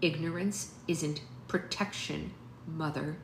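Woman voicing a fiery, blunt young witch; lowish voice, echoey room. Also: steady tone, slow, creaky, heavily acted. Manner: blunt and exasperated, swearing. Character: fiery, sharp-tongued young witch daughter. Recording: roomy sound with faint noise.

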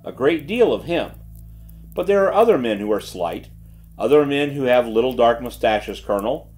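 Man reading a quiet, measured gentleman detective. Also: mid-range voice, lively intonation, faint music behind, lightly acted. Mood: calm. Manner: quiet, measured, self-assured. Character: cool, shrewd gentleman detective.

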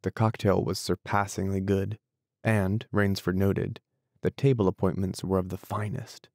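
Deep gravelly male audiobook narrator. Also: normal speed, no room sound, studio quality. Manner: steady, even storytelling. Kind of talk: scripted narration.

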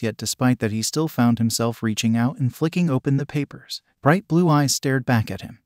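A man's synthetic voice reading fan fiction as scripted narration, in an even, flat delivery. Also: mid-range voice, no echo, studio quality.

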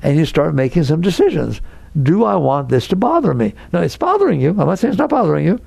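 Male spiritual teacher giving an inspirational talk, gravelly and slightly high, swoops around a lot, acts out worried voices. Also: fast, dry recording. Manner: animated, acts out neurotic inner voices.

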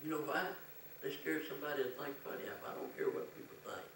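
Brief: bright-voiced male pastor, fervent sermon with shouted bursts, recorded from far off in a faint room hum. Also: fairly high pitch, quick pace. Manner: fervent preaching that reads scripture and bursts into shouts. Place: church sanctuary. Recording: very echoey church, voice from far off, faint ambience.

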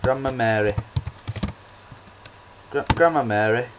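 A young man with a medium-pitched voice gives slow, rambling gameplay commentary as a let's play host. His casual talk is hesitant and full of ums, false starts and restarts, with a noisy background.

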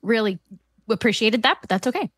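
A woman's voice: a little high, lively intonation, quick pace, fairly bright tone, husky, dry recording, studio quality. A woman in her forties co-hosting a podcast, chatty in casual conversation, chiming in often. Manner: chatty, supportive interjections. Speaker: podcast co-host. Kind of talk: casual chat.

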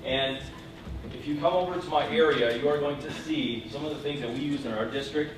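A man giving an enthusiastic, fast-paced demo of classroom gadgets at a public event. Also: on the high side. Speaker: presenter. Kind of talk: quick demo talk. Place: museum event room. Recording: echoey room from far off, noisy.

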